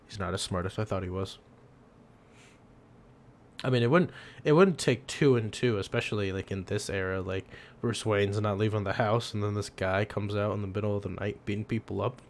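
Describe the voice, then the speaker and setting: A man's voice: fairly low pitch, a little fast, hardly any pauses. A young man co-hosting a podcast, chatting casually, rambling with frequent laughs and the odd swear. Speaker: podcast co-host. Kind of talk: casual chat.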